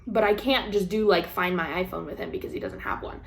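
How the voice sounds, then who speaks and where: A woman's voice: on the low side, a little fast. A young woman craft vlogger telling a story in casual chat, with frequent laughs and the odd swear word. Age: young adult.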